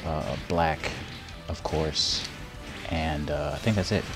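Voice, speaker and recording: A young man giving casual, rambling commentary while playing a game, repeating words, laughing often and getting loud when he takes hits. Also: rumbling low, slow pace. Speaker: gameplay streamer. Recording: faint game music behind.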